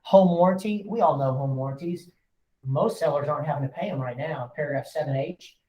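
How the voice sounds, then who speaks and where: A man's voice: a little high, brisk, dark tone. Man, broker training agents, joking and folksy, echoey room. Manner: folksy, joking, acts out quotes. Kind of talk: casual training talk.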